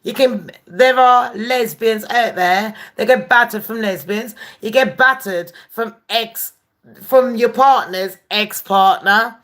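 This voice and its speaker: A woman's voice: a little high, slow, a bit bright. A woman hosting a gossip live stream, chatting casually, swearing freely and greeting viewers by name. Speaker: gossip channel host.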